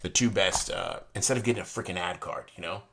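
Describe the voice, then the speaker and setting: A man's voice: deep voice, quick pace, creaky, a bit bright, a little hiss or hum. A man casually reviewing a deck of playing cards and explaining a trick, rambling with frequent restarts and bursts of enthusiasm.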